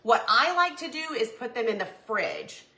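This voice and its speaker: A woman's voice: on the high side, big pitch swings, normal speed, sharp tone, reverberant. A woman, chatting with viewers while baking in her home kitchen, flustered and talkative. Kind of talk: casual chatty cooking livestream.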